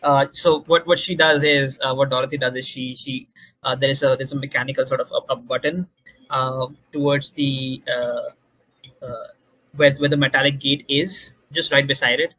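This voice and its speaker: A man narrating as game master in a tabletop role-playing game, halting with many fillers and restarts. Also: medium pitch, little pitch movement, sharp tone, low-quality recording.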